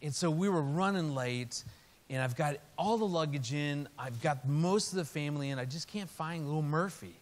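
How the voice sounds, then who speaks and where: A man's voice: on the high side, moderate pace. A man telling a family story in a sermon, acting out the voices of the people in it. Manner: animated storyteller, acts out quotes. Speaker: speaker. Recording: hall reverb.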